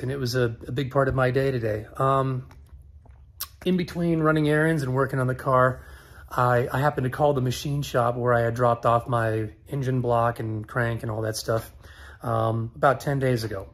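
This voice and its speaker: A middle-aged man casually telling a story to camera, acting out both sides of a phone call in an animated way. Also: medium pitch. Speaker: car-build vlogger.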